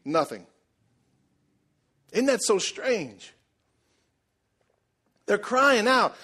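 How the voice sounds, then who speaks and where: A man preaching a sermon, telling the story in a lively, joking way and acting out the people in it. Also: high voice, drawn-out words, pauses often, breathy edge. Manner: animated, jokey storytelling, acts out voices. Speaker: pastor.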